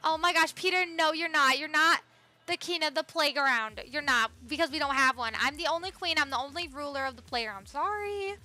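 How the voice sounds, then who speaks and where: A young woman streaming a game live, bubbly, greeting viewers by name and swinging between excited squeals and quiet murmurs. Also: high voice, fairly quick, soft background music. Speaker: livestreamer. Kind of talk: live-stream gaming chat.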